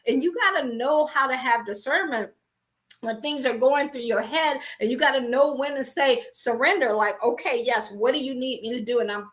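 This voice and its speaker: High-voiced woman preaching emphatically. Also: normal speed, a bit bright. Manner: emphatic, repetitive, exhorting; acts out playful mock voices for emphasis. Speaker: faith-based business coach. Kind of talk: motivational preaching to a live-stream audience. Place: recorded for an online show.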